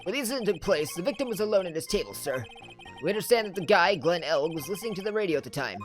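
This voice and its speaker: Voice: mid-range voice, lively intonation, racing, faint music behind, close to an everyday voice. A player voicing a bumbling male police detective in a game, with an attempted Brooklyn accent and a stammering, apologetic manner. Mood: flustered. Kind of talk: reading game dialogue aloud.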